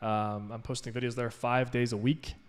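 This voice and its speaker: A man's voice: medium pitch, level tone, moderate pace. Upbeat rambling man on a live stream. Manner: rambling and upbeat, many fillers and restarts. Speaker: online business mentor hosting a live stream. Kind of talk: casual live-stream Q&A, answering chat.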